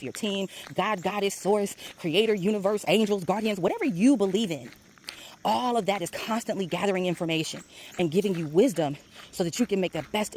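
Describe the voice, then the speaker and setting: Lively laughing woman spiritual coach. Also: mid-range voice. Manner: lively storytelling, laughs often, slangy asides. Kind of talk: casual spiritual talk. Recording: faint background noise.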